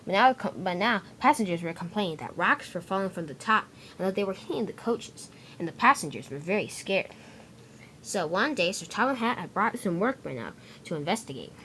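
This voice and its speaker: A woman's voice: medium pitch, animated, a little fast, a bit bright. Lady telling a toy train story off the cuff, tripping on words, voice bouncing around, faint hiss behind. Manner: improvised, stumbling restarts.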